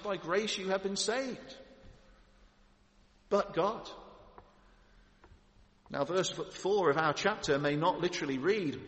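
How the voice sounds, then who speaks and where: A man's voice: a little high, fairly bright tone. A man preaching an expository sermon in a church, building to emphatic lists of titles. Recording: echoey hall with long reverb.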